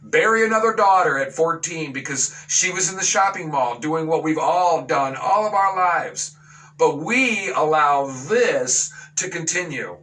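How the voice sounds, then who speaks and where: A man's voice: on the high side, lively intonation, unhurried, pushed and bright, far from the mic, poor audio. A man hosting a talk radio show, ranting with outrage and sarcasm and slipping into mocking voices. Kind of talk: opinion talk radio monologue.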